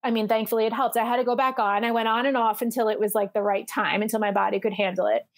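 A woman's voice: a little high, flat delivery, fast talker. A middle-aged woman speaking as a podcast guest, telling her story candidly and animatedly, acting out the voices she quotes, with frequent fillers.

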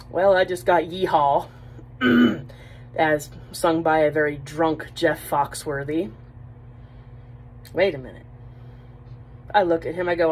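A woman telling a comic story about her marriage in a wry, deadpan, exasperated way. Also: deep voice, slow, pauses often, a little hiss or hum.

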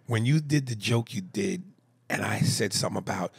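A man co-hosting a podcast, reading a fan email aloud in casual chat, animated and jumping into loud high bits. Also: normal speed, vocal fry, breathy edge, dry recording, clean studio sound. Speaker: podcast co-host.

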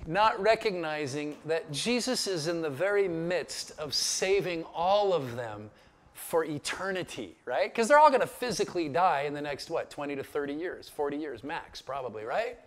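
Male pastor, slightly high voice, casual teaching style, chatty, keeps asking "right?". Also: normal speed. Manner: conversational, animated storytelling with frequent "right?". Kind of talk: casual Bible study teaching.

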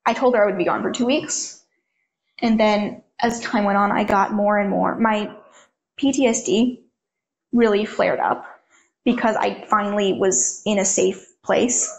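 An eighteen-year-old woman speaks as an interview guest, her mid-height voice carrying a steady vocal fry. She tells her own story in an open, conversational way, with frequent "like" fillers. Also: medium pitch, unhurried. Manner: frank, conversational, heavy use of "like". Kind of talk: candid personal storytelling.

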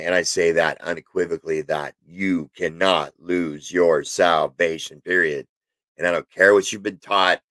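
A man's voice: deep voice, fairly bright tone, no room sound. A man teaching on a Bible passage in a casual, rambling way, full of fillers and restarts, sometimes emphatic. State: has hiccups. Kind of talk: informal spoken Bible teaching.

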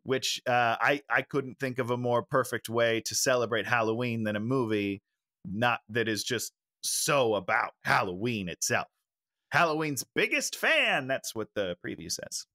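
A man's voice: mid-range voice, fairly even intonation, moderate pace, a bit bright. A man co-hosting a casual podcast chat, enthusiastic and agreeable. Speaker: podcast co-host.

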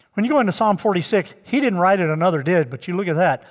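A man's voice: sits high, animated, fast talker, hardly any pauses. A male pastor preaching a sermon to his congregation, drawing out key words and addressing them directly. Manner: emphatic, draws out key words. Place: church sanctuary. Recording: long church reverb.

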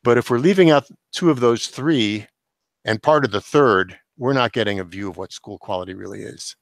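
An older man, a professor and author, giving measured, explanatory answers as a guest in an interview. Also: medium pitch, no echo. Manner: measured, explanatory, occasional chuckle.

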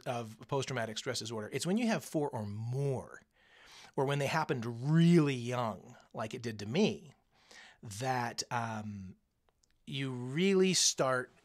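Animated man teaching, pitch swinging widely. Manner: animated, acts out quoted voices; coaching, conversational. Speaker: teacher speaking to students. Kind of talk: recorded lesson.

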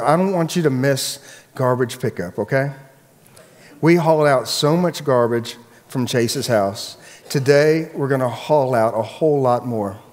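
A man, the pastor, preaching a sermon and telling a personal story in a relaxed, chatty way with frequent restarts. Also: medium pitch, in a large hall. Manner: casual storytelling, many restarts.

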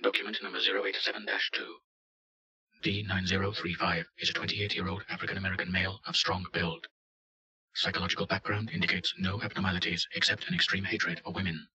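A man giving deadpan scripted narration of a report. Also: low-pitched, fast, highs cut off.

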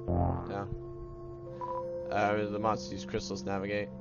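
A man commenting excitedly on his own gameplay and reading game lines aloud in voices. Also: on the low side, unhurried, long pauses, highs cut off. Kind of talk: let's play commentary. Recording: game music playing behind.

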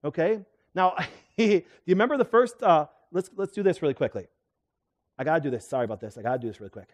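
A middle-aged man, a chiropractor, giving a lively seminar talk and quizzing his audience with questions. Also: fairly high pitch, fast talker. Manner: animated, asks the audience questions. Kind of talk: live seminar lecture to an audience.

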